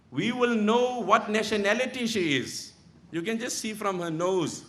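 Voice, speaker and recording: A man with a high-pitched voice delivers a sermon. He tells stories in a hushed tone, then rises into loud, impassioned pleading. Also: normal speed. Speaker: preacher. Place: Islamic center.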